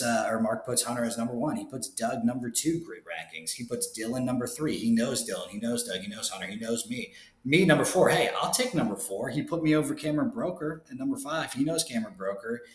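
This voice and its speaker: A man's voice: mid-range voice, a bit bright. Rambling young guy in an echoey room. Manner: rambling, lots of fillers and wry asides. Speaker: fantasy football league recap host. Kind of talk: casual chatty recap.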